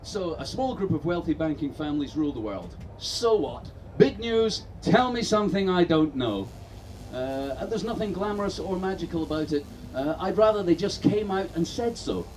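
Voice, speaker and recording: A man doing a sardonic, profane satirical stand-up rant on an outdoor festival stage, building to shouts. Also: a little high, distant mic, slight background noise, rough recording. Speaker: stand-up comedian.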